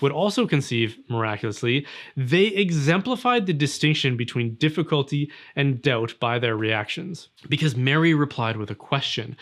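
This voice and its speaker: A man's voice: a little high, fairly bright tone. A man delivering an earnest, argumentative opinion monologue on religion, now and then acting out little scenes. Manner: earnest, argumentative, with acted asides. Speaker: religious commentator.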